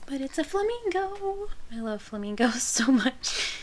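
A woman hosting a crochet channel, chatting casually and gushing softly as she opens mail, sometimes dropping to a whisper. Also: on the high side, expressive, unhurried, hardly any pauses. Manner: gushing, soft-spoken, often drops to a whisper. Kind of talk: casual unboxing chat.

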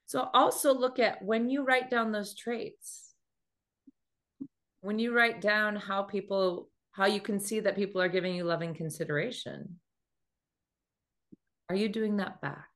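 A woman giving a motivational talk on dating as a coach, telling stories lively and acting out quoted speech in changing voices. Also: mid-range voice, a little slow, long pauses. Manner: animated storytelling, acts out quoted speech.

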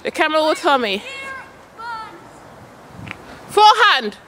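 A woman's voice: high-pitched, lively intonation, normal speed, fairly bright tone, slight background noise. A woman coaching her son at tennis on an outdoor court, calling out shots and chatting casually to her vlog viewers. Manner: calls out shots, chatty and coaxing.

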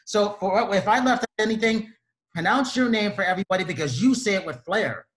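A man's voice: high-pitched, brisk, fairly bright tone. Enthusiastic male host in an echoey room. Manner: enthusiastic, effusive. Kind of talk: interview host introduction and questions. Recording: roomy echo.

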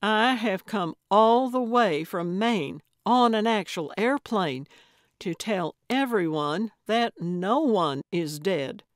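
A woman voicing an elderly, bossy woman sleuth in an audiobook, speaking loudly in slow, emphatic declarations. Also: mid-range voice, no echo, clean studio sound. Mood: insistent. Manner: loud, emphatic, deliberate declarations. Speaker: audiobook character.

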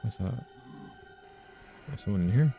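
A young man talks through a horror game in a relaxed, chatty tone that swings up and down a lot in pitch. He reacts to scares with jumpy, profane yelps, and faint game music plays behind him. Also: a little slow, creaky, highs cut off. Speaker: gaming channel host. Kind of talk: let's play commentary.

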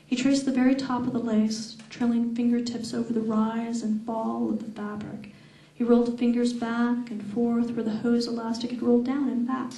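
A woman reading her own novel aloud at a fan event, with slow, deliberate, sensual delivery. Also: on the high side, mellow, far from the mic. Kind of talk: public reading of fiction. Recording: echoey room heard from afar.

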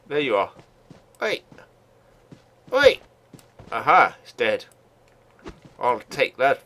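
An older man hosting his own gaming channel, giving casual commentary while he plays at his home computer, chatty and quick to laugh. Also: mid-range voice, very animated. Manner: chatty and laughs easily, gets loud and sweary in action.

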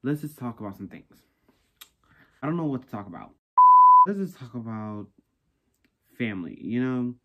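A man's voice: mid-range voice, lively intonation, normal speed, long pauses. A young man vlogging in a sassy, rambling casual chat, talking himself through a craft project. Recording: noisy background hiss.

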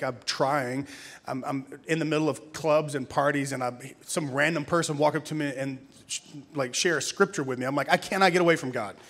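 A pastor in his thirties from Louisiana, telling his testimony in a conversational sermon with laughs and restarts. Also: on the high side. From Louisiana, USA. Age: 30s. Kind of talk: conference sermon, personal testimony.

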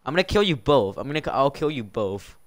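A man's voice: mid-range voice, very animated, a little fast. A man live-streaming and running a game server, exasperated and scolding his players while laughing often. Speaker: livestreamer running a Minecraft server. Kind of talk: casual live-stream commentary.

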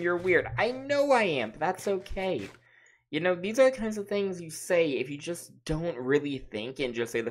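Low, lively woman streamer. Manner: playful, laughs often, teases chat. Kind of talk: casual live gameplay commentary.

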